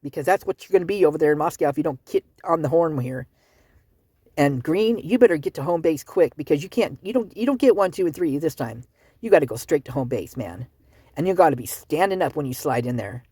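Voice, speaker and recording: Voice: medium pitch, animated, a little fast, a little mellow, husky, no echo, studio quality. A vlogger giving heated, sarcastic commentary on news stories, ranting and calling people out. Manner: ranting, fired up, sarcastic asides. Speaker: true-crime commentary channel host. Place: at home, with outdoor work nearby.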